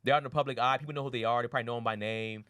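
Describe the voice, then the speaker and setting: A man's voice: medium pitch, rapid-fire, clear, resonant tone, no echo. A man co-hosting an anime podcast, retelling episodes in slangy casual chat and acting out characters' lines. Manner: animated retelling with slangy voiced impressions, frequent profanity. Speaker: podcast co-host.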